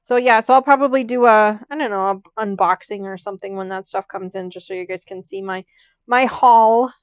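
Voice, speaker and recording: A woman's voice: medium pitch, brisk, no echo. Chatty woman on a muffled, dry mic. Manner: chatty and rambling, laughs often. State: has the hiccups. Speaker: quilting channel host. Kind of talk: casual chat during a live sewing stream.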